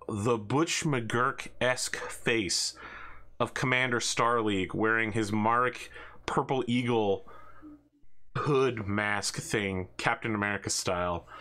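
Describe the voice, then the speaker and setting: A man running a tabletop game as game master, telling stories in an animated, jokey way. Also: on the low side, clean tone. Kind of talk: tabletop game narration, casual chat.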